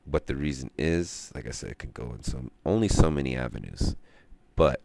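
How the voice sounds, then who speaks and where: A man streaming, talking in a rambling monologue and ranting with drawn-out pauses. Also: animated, a little mellow, no room sound. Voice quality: very deep gravelly voice.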